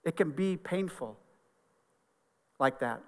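A man's voice: on the high side, lively intonation, slow pace, darkish tone, long reverb tail. A middle-aged man, a pastor, giving an earnest, conversational sermon in a church sanctuary.

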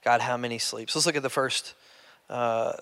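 A man's voice: medium pitch, steady tone, moderate pace, sharp tone. A man preaching a sermon in a conversational way, often restarting and repeating words. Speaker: pastor. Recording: long hall reverb.

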